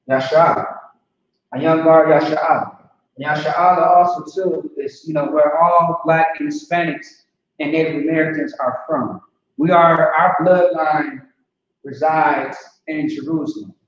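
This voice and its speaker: Man teaching in a loud, echoey room. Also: on the high side, a little hiss or hum. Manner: conversational, repeats "see what I'm saying". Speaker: language teacher. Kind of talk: casual spoken lesson. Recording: echoey, distant, dull lo-fi room recording.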